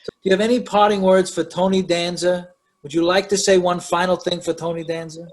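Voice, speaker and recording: A man's voice: high-pitched, flat delivery, brisk. A man hosting a podcast, joking with his guest and egging her on. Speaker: podcast host. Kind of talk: casual interview chat.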